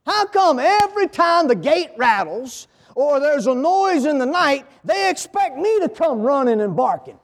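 A man's voice: very high-pitched, sing-song, a little slow, few pauses, in a large hall, heavily acted. A man voicing a moping male guard dog who grumbles about always having to chase off intruders. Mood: grumbling. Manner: grumbling, mopey.

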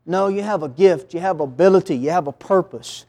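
A male preacher delivers a sermon from the pulpit, spinning animal parables and pausing to ask the congregation for an amen. His voice is very high for a man, and he speaks in an easy storytelling manner. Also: very animated, a little mellow. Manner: call-and-response, storytelling. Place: church.

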